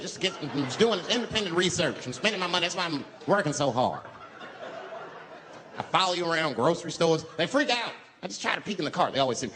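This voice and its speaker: Man, stand-up comedian, high voice, very lively pitch, live stage, noisy background. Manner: animated storytelling, jumps into character voices. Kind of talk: stand-up routine.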